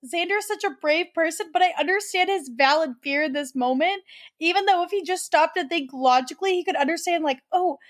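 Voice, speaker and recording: A young woman co-hosting a podcast in casual chat, excitable and full of "like". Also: very high voice, a little fast. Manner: excitable, with filler "like". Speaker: podcast co-host.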